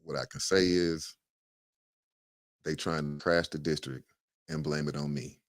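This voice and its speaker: A man's voice: rumbling low, fairly even intonation, a little slow, dry recording, clean studio sound. A man co-hosting a casual community podcast, speaking emphatically and indignantly. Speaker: podcast co-host.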